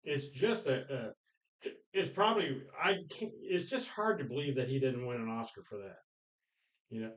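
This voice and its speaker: Animated man retelling film scenes. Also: mid-range voice, moderate pace, poor audio. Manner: animated storyteller, acts out quoted lines loudly, laughs often. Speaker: podcast co-host. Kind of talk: casual film discussion.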